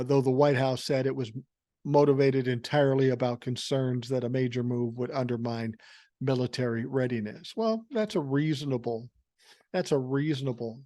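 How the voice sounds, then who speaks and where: With a dark, mid-range voice captured in studio quality and no room sound, an older man hosts a podcast. He rants about politics in a sarcastic, mocking, profane manner.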